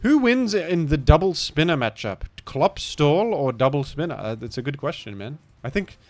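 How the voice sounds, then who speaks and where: A man's voice: a little high, sing-song, moderate pace, no room sound, soft background music. A man with a British accent commenting live on a game he is playing, rambling in a playful, mock-grandiose way. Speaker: streamer.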